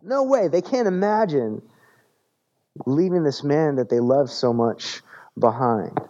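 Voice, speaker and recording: A man's voice: mid-range voice, takes it slowly, mellow. Conversational man preaching a sermon, dull recording. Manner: conversational, repeats words while searching for phrasing. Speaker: pastor.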